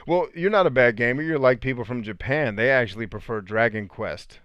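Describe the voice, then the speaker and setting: Brief: male livestream host in his 30s, smooth resonant voice, dry close sound, loose joking delivery. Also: mid-range voice, brisk, hardly any pauses, no room sound. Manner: animated, joking, swears freely. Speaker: podcast host answering live chat. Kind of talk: casual livestream chat.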